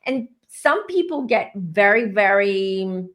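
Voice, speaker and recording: A woman's voice: medium pitch, animated, slow, fairly bright tone. A woman hosting a casual chat as a psychic medium, talking emphatically with restarts. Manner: emphatic, rambling, frequent restarts.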